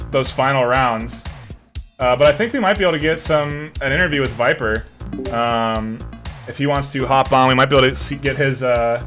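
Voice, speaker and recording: A man's voice: medium pitch, sharp tone. A man casting a live esports match, rambling loosely and swearing casually. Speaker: esports shoutcaster. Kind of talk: casual live stream commentary.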